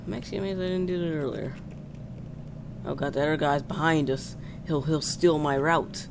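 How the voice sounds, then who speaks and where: A man giving casual let's-play commentary, rambling and cursing as he talks to himself, with loud game sounds behind him. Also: on the high side, steady tone, moderate pace, creaky. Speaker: gameplay commentator. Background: bus engine and traffic noise from the game.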